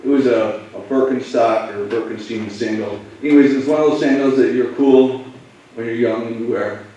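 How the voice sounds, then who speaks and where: Male police officer, mid-pitched, halting and emotional storyteller, picked up from across a big echoey room. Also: fairly even intonation, dark tone, distant mic, muffled recording, a little hiss or hum. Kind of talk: personal story told to students.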